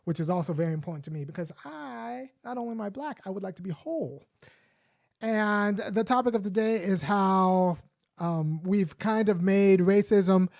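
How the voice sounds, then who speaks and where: A man's voice: high voice, a little mellow. A man hosting a weekly live show, giving argumentative political commentary in a conversational, lecturing way with frequent fillers and restarts.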